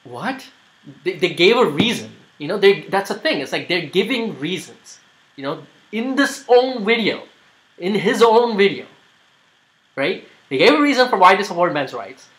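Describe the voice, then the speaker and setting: A man's voice: high voice, big pitch swings, a little fast, a bit bright, low-quality recording. A man commenting on a played video, argumentative and rambling, with many fillers. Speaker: YouTuber making a response video.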